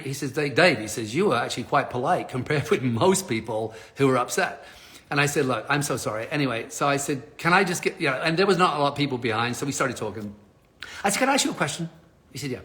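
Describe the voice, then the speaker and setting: Bright animated middle-aged male storyteller. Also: fairly high pitch, quick pace. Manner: animated storyteller acting out dialogue. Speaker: live stream host, speaker on change. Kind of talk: storytelling to a live audience.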